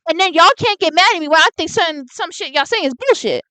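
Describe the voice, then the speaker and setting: A young woman casually commenting on a story game, excitable and slangy, often talking back to the characters and quick to shout. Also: extremely high pitch, dry recording. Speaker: gamer playing a story game. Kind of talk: casual let's-play commentary.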